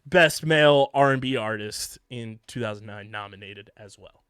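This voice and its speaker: A man co-hosting a casual sports and music podcast, reeling off facts in a steady list. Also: mid-range voice, normal speed, clear, resonant tone, no echo, clean studio sound. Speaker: podcast co-host.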